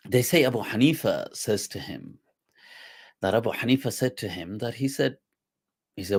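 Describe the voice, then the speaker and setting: Sex: man. Role: scholar and show host. Style: storytelling talk. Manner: animated, laughing asides. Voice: husky. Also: fairly low pitch, moderate pace.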